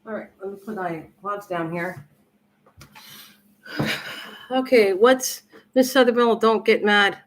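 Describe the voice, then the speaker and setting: Reading comments aloud during a casual livestream, an older woman chats with viewers from her home kitchen while cooking, rambling and friendly. Her medium-pitched voice moves at a measured pace with long pauses.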